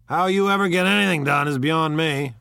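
A man voicing a brash, domineering wealthy man who talks loudly and bluntly. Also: sits high, fairly even intonation, a little fast, no echo, studio quality, voice pushed up. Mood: incredulous. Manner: loud, blunt and forceful.

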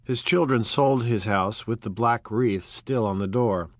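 A man narrates a novel in a steady, measured, unhurried way. His voice sits low, recorded close with a dry, dead sound. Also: no room sound. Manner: measured, even, unhurried reading. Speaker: audiobook narrator. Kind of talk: scripted narration.

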